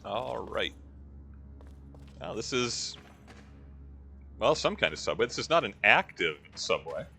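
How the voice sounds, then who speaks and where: A man's voice: fairly low pitch, big pitch swings, measured pace, creaky, bright, forceful tone, faint music behind. A man giving casual, wry commentary while playing a role-playing game, with rambling history asides. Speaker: let's-play host.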